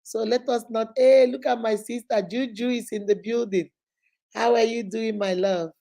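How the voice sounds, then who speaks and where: A woman's voice: on the high side, steady tone, normal speed, mellow. A woman hosting a casual live stream, giving emphatic marriage advice and greeting viewers by name. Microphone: phone.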